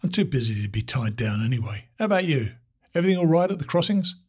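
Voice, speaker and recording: A man voicing a wry, easygoing male trail veteran who jokes with a dry, teasing humor in a husky voice. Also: mid-range voice, big pitch swings, fast talker, a little mellow. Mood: wry, joking.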